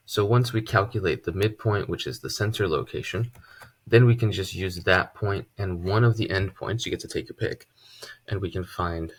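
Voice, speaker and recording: Man, math tutor, casual lesson, low pitch, husky, chatty asides. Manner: relaxed and chatty, with joking asides.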